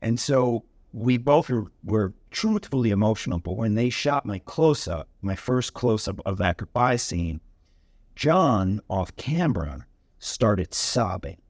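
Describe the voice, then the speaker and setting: Man panelist, lively raconteur, dry close sound, acts out voices. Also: measured pace, no echo. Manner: lively storyteller, acts out quotes with sudden high pitch. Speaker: panelist actor. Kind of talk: animated storytelling on a panel. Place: stage panel in a museum hangar.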